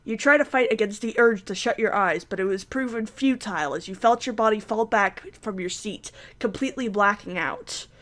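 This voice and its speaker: A woman's voice: medium pitch, normal speed, hardly any pauses, a bit bright. A young woman playing a story game, reading it aloud and making chatty, self-mocking comments. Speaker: gamer.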